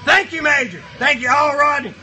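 A shrill, piercing cardboard box monster, hollering crude jokes at his live chat. Bright, strained squeals that climb very high, with faint music playing behind. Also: animated, moderate pace, exaggerated voice. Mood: rowdy. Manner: shouty, crude, rambling banter with chat. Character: rowdy foul-mouthed cardboard box monster. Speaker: live streamer. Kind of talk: live stream puppet character chat.

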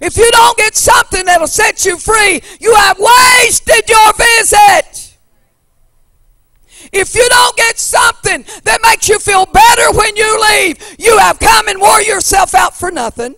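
A woman preacher delivering a fiery revival sermon in a folksy, plain-spoken way, swinging from hushed asides to shouted preaching. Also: very high voice, a little slow, faint music behind.

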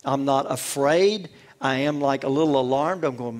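A man's voice: mid-range voice, normal speed. A male pastor preaching a sermon, emphatic and repetitive, with rhetorical questions and calls to the congregation.

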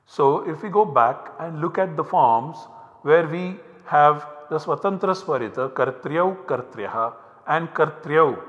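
Bright-voiced Indian English male lecturer. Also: on the high side. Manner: measured, explanatory, with frequent pauses. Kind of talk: recorded university lecture. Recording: dull, hall-like lecture recording.

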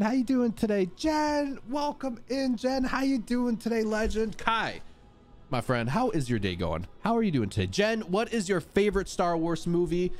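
A man hosting a live gameplay stream, chatting upbeat with his viewers and greeting them casually. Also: high voice.

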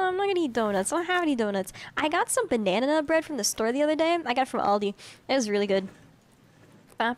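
This is a young adult woman with a high voice, playing a game on stream. She reads game instructions aloud, loses her train of thought, and giggles as she chats with her viewers. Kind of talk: casual game commentary.

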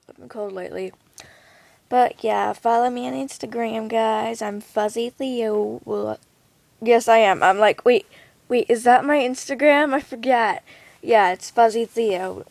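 A woman's voice: a little high, lively intonation, takes it slowly, vocal fry, no room sound. A woman rambling in a hyper, giggly, scattered way in a casual vlog, lying down indoors. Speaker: vlogger. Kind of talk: rambling self-promo vlog.

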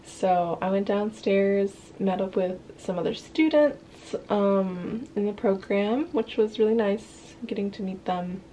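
Slow-talking chatty young woman vlogger. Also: mid-range voice, warm tone, a little hiss or hum. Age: young adult. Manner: chatty, giggly, swears casually. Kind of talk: casual travel vlog chat.

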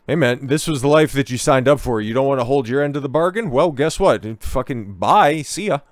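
A man's voice: medium pitch, animated, fairly quick, dry recording. Angry, profane male commentator, dry sound. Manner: heated, profane ranting. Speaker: online commentator. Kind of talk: reaction commentary.

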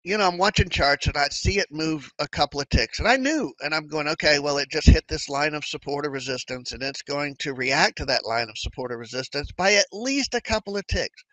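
A man's voice: fairly high pitch, a little fast, hardly any pauses, no echo, poor audio. A man explaining trading in a casual, conversational way, acting out his own worried and hopeful thoughts. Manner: conversational, animated, acts out inner thoughts. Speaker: trading educator.

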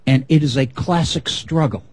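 A middle-aged man giving an unscripted history lecture, measured and often restarting his phrases. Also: medium pitch, a little mellow, husky, rough recording.

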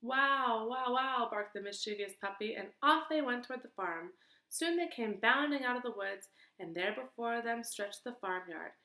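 A woman teacher reading a picture book aloud to children in an expressive, sing-song way. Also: medium pitch, moderate pace. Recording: echoey room.

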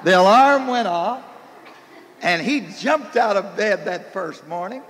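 An older man preaching a folksy, animated sermon, recorded in a church hall in the early 1990s. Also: high voice, a little slow.

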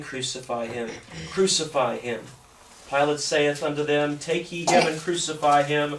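Man preaching, pastor, halting delivery, higher voice, echoey church from afar. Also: a bit bright, recorded from a distance. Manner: halting, repeats words while preaching. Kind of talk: sermon with scripture reading. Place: church sanctuary.

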